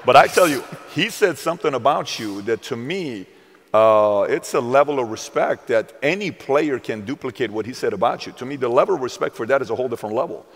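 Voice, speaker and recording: Excitable interviewing man in a reverberant room. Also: mid-range voice, a little fast. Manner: animated fan, sarcastic asides. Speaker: interview host. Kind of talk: casual interview chat.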